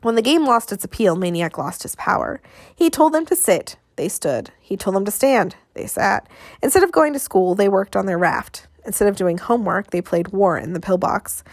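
A woman narrating an audiobook in a measured, expressive way, with dramatic pauses. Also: mid-range voice, no room sound, clean studio sound.

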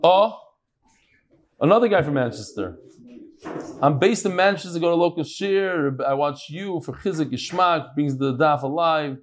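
A man's voice: on the high side, moderate pace, slight background noise. A man teaching a live class, reading out listener messages and adding casual asides, full of Yiddish and Hebrew terms.

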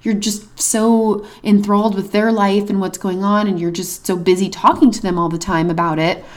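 A woman's voice: medium pitch, steady tone, normal speed. Chatty woman co-hosting an advice talk. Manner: chatty, frequent "like" and "you know" fillers; acts out what she would say to friends. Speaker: podcast co-host. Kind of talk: casual advice chat.

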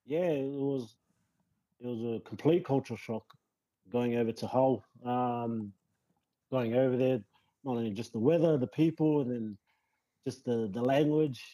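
A New man chats as an interview guest in an easygoing, rambling way, dotted with ums and likes. His voice is very dark and mellow. The sound is dry and close. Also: medium pitch, unhurried, pauses often, no echo, rough recording. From New Zealand. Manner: relaxed, rambling with many fillers. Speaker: guest, rugby league player. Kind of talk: casual podcast interview.

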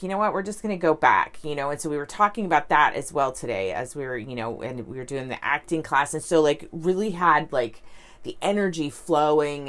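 A woman talking casually to camera as a vlogger and life coach, in a rambling, upbeat way full of fillers and restarts. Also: sits low. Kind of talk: casual vlog storytelling.

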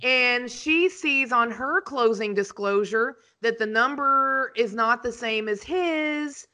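Bright-voiced woman telling stories. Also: on the high side, takes it slowly. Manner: animated, dramatic storyteller. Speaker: podcast host, real estate agent. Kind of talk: casual storytelling chat.

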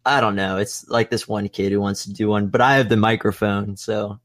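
A man's voice: lowish voice, steady tone, brisk, dry recording. Rambling, profane young man, dry close mic. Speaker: podcast host. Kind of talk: casual podcast chat.

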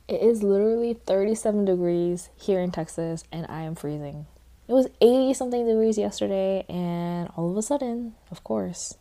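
A young woman hosting a casual podcast, congested, rambling and correcting herself, often dropping to quiet asides. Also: medium pitch, normal speed. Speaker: podcast host. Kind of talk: casual chat recap.

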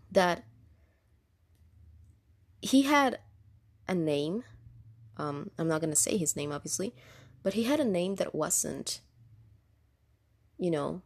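A woman with a non-US accent recounts stories from her job taking insurance calls in a relaxed vlog. Her voice is gravelly and sits a little low, and she laughs often between restarts and fillers. She talks outdoors. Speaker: insurance call agent telling work stories. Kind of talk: casual storytelling vlog.

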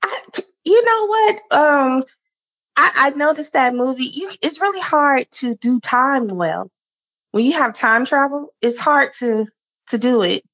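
A woman co-hosting a podcast in casual chat, reacting and asking quick questions. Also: sits high, lively intonation, a bit bright, poor audio. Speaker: podcast co-host.

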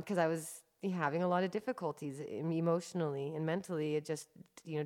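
A middle-aged woman with a notably low, deep voice speaks in a relaxed interview. She tells her story in an earnest, emphatic way, pressing her points with conviction. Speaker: cannabis activist guest. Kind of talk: conversational interview.

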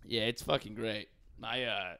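Bright-voiced young guy swearing casually. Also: fairly low pitch, unhurried, vocal fry, clear, resonant tone. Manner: animated, swears a lot, says "dude" constantly. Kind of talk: casual podcast chat.

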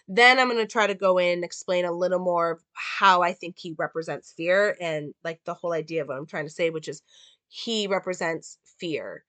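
A woman's voice: fairly low pitch, moderate pace, a bit bright, no room sound. A woman giving a casual analysis and plot recap of a film, talking loosely with many "like" and "um" fillers.

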